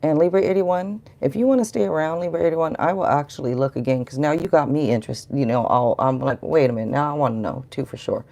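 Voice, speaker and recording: A woman's voice: sits low, quick pace, creaky, few pauses, dark tone. A middle-aged woman giving a rambling, chatty live tarot reading and talking to viewers in the chat. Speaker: tarot reader.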